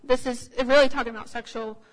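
A woman's voice: a little high, fairly even intonation, quick pace. A woman giving a sermon in a conversational, anecdotal way, with frequent fillers. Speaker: speaker. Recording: long hall reverb.

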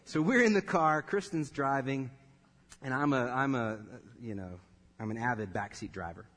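A man in his thirties preaching a sermon, telling a personal story with laughter and animated delivery. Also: mid-range voice, normal speed. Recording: long reverb of a large hall.

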